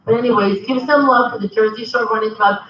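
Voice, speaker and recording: A woman shares a funny personal story at a convention, her voice high and lively. She speaks from a distance in a roomy, echoing hall. The sound is dull and lo-fi, with faint noise behind her. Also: quick pace. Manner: lively storyteller, acting out dialogue. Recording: echoey hall, from far off, dull.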